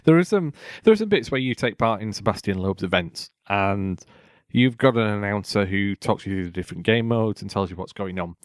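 A man's voice: fairly low pitch, animated, a little fast, no echo, clean studio sound. A man hosting a casual gaming podcast, chatty and opinionated, laughing often. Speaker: podcast host.

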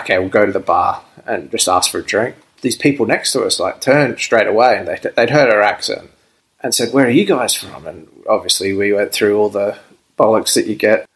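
A young Australian man with a fairly low voice, spinning a long story as a podcast guest. He talks in a laid-back, rambling way and laughs often. The tone stays easy and conversational. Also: low-quality recording. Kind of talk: casual storytelling.

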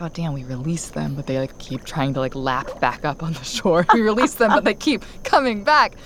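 A woman's voice: low-pitched, dry recording. Candid woman telling a story. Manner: candid, animated, laughs while telling. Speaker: podcast host. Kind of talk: casual storytelling chat.

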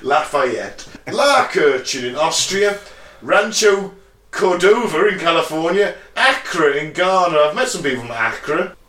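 A man's voice: a little high, animated, a little slow, bright, forceful tone, echoey room, recorded from a distance. A man hosting a podcast, bantering casually, rambling, laughing and swearing freely. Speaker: podcast host.

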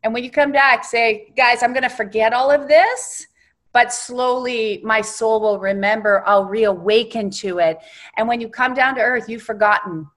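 A woman reverend, a guest on an interview show, telling a spiritual guided exercise with emphatic, animated storytelling. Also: fairly high pitch, moderate pace.

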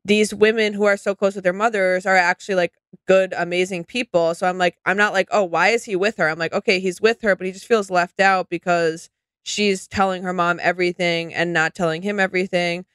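A woman's voice: lowish voice, fairly even intonation, fairly quick, fairly bright tone, smooth, dry recording. A woman co-hosting a podcast, rambling enthusiastically in casual chat about reality TV. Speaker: podcast co-host.

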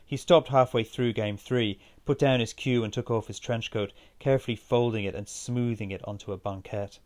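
A man reading a first-person story aloud in a steady, measured way. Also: mid-range voice. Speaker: narrator.

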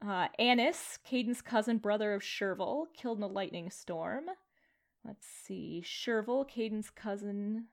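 A woman game master narrating a tabletop game in a loose, rambling way, full of fillers and asides. Her voice sits at a middle pitch and sounds casual. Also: a little slow. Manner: chatty, rambling, many fillers and laughs.

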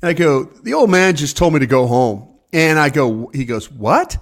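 A man's voice: a little high, animated, moderate pace. Rambling older man telling stories. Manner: rambling, acts out quotes in voices. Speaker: former scout, co-host. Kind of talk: casual storytelling chat. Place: home office. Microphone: video call.

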